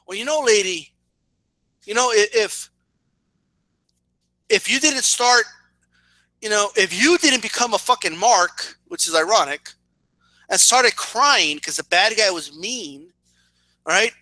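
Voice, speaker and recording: A man's voice: high voice, expressive, measured pace, pauses often, pushed and bright, dry recording. A man in his thirties ranting in a casual video, sarcastic and profane, often stumbling over and repeating words as he gets worked up. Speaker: boxing and wrestling commentator.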